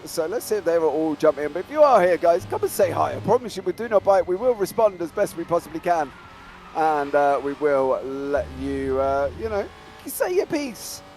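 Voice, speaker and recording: A man's voice: a little high, expressive, brisk, darkish tone, a little hiss or hum. A man doing live sim racing commentary in a chatty way, full of fillers and calling his co-host mate.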